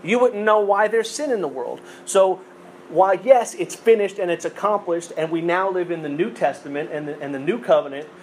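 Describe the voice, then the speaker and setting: A man preaching in a conversational teaching style, with a voice pitched a little high for a man. He often repeats phrases and corrects himself mid-sentence. Faint ambient noise sits under the recording. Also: darkish tone. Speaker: pastor. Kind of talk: sermon.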